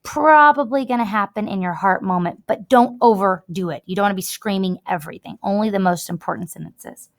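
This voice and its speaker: A woman's voice: mid-range voice, brisk, hardly any pauses. A woman teacher giving a chatty, emphatic writing lesson to students while recording her screen, drawing out words as she demonstrates.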